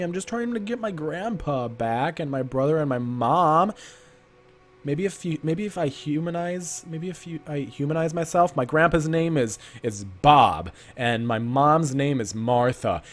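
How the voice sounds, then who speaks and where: A man doing gameplay commentary, rambling through an improvised backstory and breaking into panicky outbursts and rapid repeated commands. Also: fairly high pitch, lively intonation, soft background music. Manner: playful self-talk, rambling asides. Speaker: let's play gamer.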